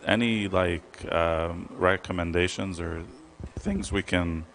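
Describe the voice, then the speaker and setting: A man in the audience asking a question haltingly, with many pauses and fillers. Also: low voice, steady tone.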